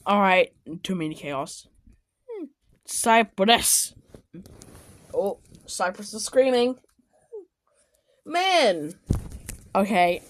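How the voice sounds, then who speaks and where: A woman giving casual, excitable reaction commentary on animated clips, often exclaiming and shouting. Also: medium pitch, extremely slow, pauses often, a little hiss or hum. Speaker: video commentator.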